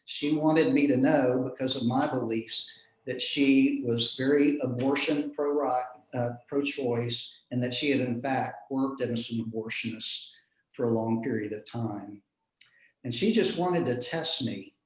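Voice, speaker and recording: A man, a minister telling a personal story in an earnest, reflective way with soft chuckles. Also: medium pitch, measured pace. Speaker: minister in a panel discussion. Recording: roomy echo.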